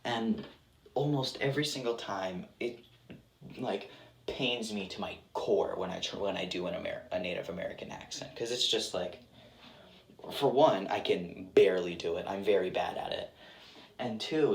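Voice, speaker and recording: A man's voice: low voice, moderate pace, creaky. Rambling young man in a roomy space. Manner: rambling, lots of "like" fillers, self-deprecating. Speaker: actor guest. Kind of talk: casual interview chat. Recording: roomy with faint background noise.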